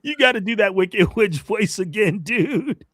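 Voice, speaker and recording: A man co-hosting a casual live podcast, excitable and hyped in his banter. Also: high-pitched, unhurried, no room sound, clean studio sound. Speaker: podcast co-host.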